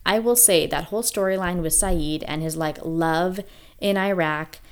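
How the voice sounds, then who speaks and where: Lower-pitched enthusiastic woman podcaster. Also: normal speed, smooth. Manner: enthusiastic, animated storytelling. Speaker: podcast co-host. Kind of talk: casual chat.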